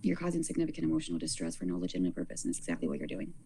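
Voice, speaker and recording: Woman livestreamer, casual rambling talk with halting restarts; low voice with a gravelly edge. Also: big pitch swings, background noise. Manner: rambling, halting, repeats words.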